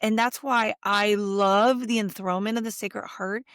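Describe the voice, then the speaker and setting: Middle-aged woman, interview guest, lively storyteller, voices quotes, mid pitch, dry close mic. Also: moderate pace, clear, resonant tone, dry recording. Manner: animated storytelling, acts out quotes. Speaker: guest, Catholic speaker and author. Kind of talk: conversational interview.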